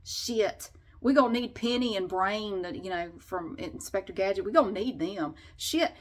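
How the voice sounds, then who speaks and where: A woman telling a funny story as a rant to her vlog audience, exasperated and animated. She swings between loud outbursts and low muttered asides. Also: normal speed, hardly any pauses. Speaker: vlogger.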